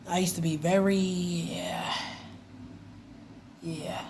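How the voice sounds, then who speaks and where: A woman vlogging in a casual, animated way about her faith, laughing and mimicking voices as she tells stories. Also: mid-range voice, measured pace, gravelly, long pauses, slight background noise. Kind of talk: casual faith talk to camera.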